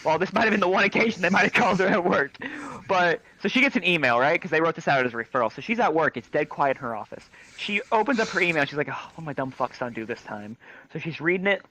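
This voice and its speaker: A man telling a crude comic story in an animated, expressive way, through a headset mic. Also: high voice, fast. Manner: crude, animated, shrieks quoted lines. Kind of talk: comic anecdote told to a crowd. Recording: dry, dull lo-fi mic.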